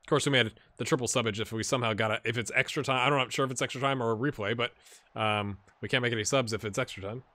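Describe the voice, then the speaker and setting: An American man giving casual, lively commentary on a football management game and reacting loudly to the match. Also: medium pitch, very fast, no echo. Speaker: gaming YouTuber.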